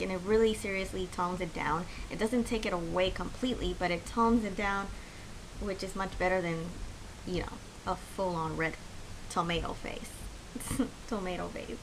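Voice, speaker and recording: A woman's voice: medium pitch, steady tone, moderate pace, background noise. A young woman chatting to camera as a beauty vlogger, heartfelt and encouraging, with lots of fillers. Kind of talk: casual chat to camera.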